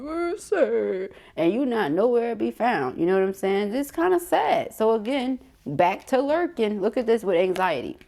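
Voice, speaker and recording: A woman's voice: a little high, dark tone. Chatty woman reading tarot, laughing. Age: middle-aged. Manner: chatty, slangy, laughs often. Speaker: tarot reader. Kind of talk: casual tarot reading to camera.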